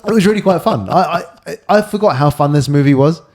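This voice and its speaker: A man's voice: a little high, animated, fairly quick, a little mellow. A man co-hosting a podcast in casual chat, jokey, blunt and offhand. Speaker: podcast co-host.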